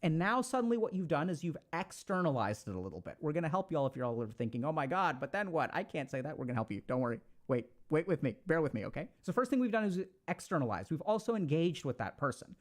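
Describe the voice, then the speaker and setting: A man giving casual advice to an audience, talking in an animated, conversational way and acting out little quoted exchanges. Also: on the high side, quick pace, hardly any pauses. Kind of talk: casual motivational talk.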